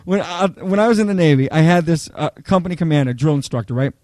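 A man preaching a sermon, telling lively personal stories and often checking in with "okay?" and "right?". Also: fairly high pitch, fast, no room sound. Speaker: pastor.

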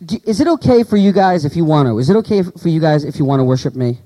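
A man delivers a sermon in a fairly high but mellow voice. He teaches with animated rhetorical questions to his congregation. He reads the scripture passages slowly and with weight. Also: poor audio. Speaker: pastor.

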